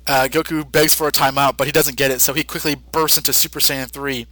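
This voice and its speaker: A man's voice: mid-range voice, level tone, fairly quick, bright, forceful tone, dry recording, rough recording. A man co-hosting a podcast, casually recapping a story with lots of fillers and frequent laughs. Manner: chatty, many fillers, laughs often. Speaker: podcast co-host.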